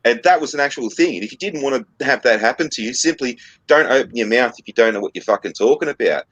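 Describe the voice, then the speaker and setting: A man's voice: mid-range voice, animated, fast, no room sound, highs cut off. Sweary Australian man ranting. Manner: blunt, swearing, shouting into mock scolding. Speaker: podcast co-host. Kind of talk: profane rant.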